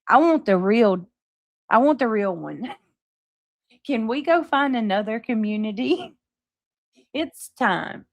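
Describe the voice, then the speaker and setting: This Southern woman hosting a live stream has a medium-pitched voice with vocal fry. She chats casually with her viewers, reading their comments and swearing freely, and the recording has no room sound.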